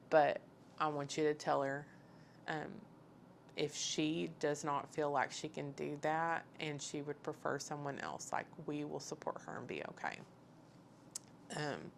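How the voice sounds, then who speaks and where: A woman's voice: low voice, gravelly, a bit bright, a little hiss or hum. A woman in her thirties telling a personal faith story, candid and full of fillers, acting out the conversations she recounts. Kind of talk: personal testimony.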